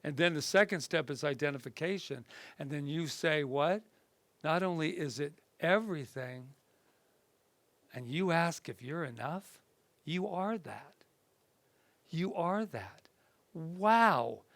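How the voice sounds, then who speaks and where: A man, a reverend, teaching a spiritual class in a relaxed, conversational way, often rambling and acting out little voices from his stories. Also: a little high, measured pace, no room sound. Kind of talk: casual spoken talk.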